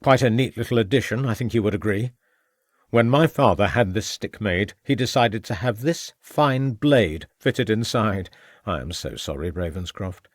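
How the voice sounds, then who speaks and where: A man's voice: lowish voice, moderate pace, dry recording, studio quality, lightly acted. A man playing a sneering, gloating villain. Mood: menacing. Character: scheming, sneering murderous male villain.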